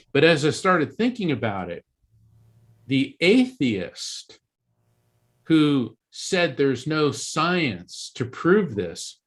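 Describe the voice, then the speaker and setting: Earnest man telling a story. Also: mid-range voice. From East Coast Florida, USA. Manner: earnest, animated storyteller with frequent restarts. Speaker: author and interview guest. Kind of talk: storytelling in a conversational interview.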